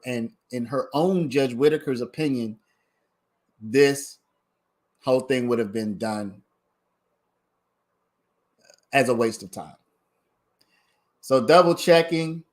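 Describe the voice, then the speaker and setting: A man hosting a casual livestream, giving his commentary in a chatty way and talking straight to his viewers. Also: medium pitch. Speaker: livestream host commenting on a trial.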